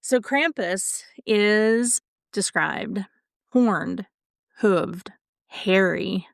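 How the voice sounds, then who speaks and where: A woman co-hosting a podcast in casual chat, easygoing and quick to giggle. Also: medium pitch, vocal fry, no room sound, studio quality. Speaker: podcast co-host.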